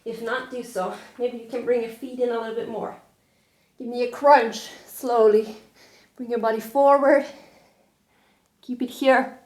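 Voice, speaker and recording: A woman's voice: on the high side, fairly even intonation, a little slow, darkish tone. Breathless woman cueing yoga, echoey room. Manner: encouraging, breathy cues with light laughter. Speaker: yoga instructor. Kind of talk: cueing a yoga workout while doing it.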